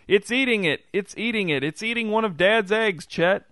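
A man voicing an anxious, rule-following young boy with a high-pitched, panicky way of talking. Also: expressive, a little fast, a bit bright, clean tone, no room sound, clean studio sound. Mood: panicked.

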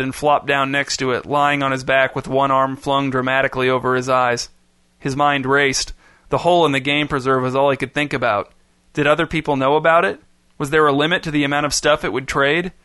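Bright, dry male storyteller. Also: mid-range voice, clear, resonant tone, no room sound. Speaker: audiobook narrator. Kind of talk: scripted narration.

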